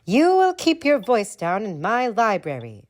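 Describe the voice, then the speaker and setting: Male reader voicing a strict, sharp-tongued old librarian lady; high, clipped, forceful. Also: huge pitch swings, measured pace, exaggerated voice. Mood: scolding. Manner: sharp scolding commands. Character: stern strict older woman librarian.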